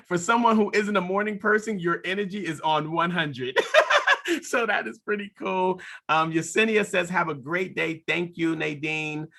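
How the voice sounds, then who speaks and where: A man with a bright, forceful voice, pitched a little high, hosts a video call. He talks with enthusiasm, thanking his guest and calling people up one after another. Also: gravelly. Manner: enthusiastic, warm-hearted praise, calls on speakers. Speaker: host. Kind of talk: energetic call hosting.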